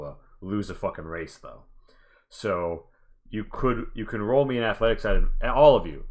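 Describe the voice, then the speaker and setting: Low-voiced rambling game master. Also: male voice, fairly bright tone. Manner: rambling, joking, many fillers. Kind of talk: narrating a tabletop game.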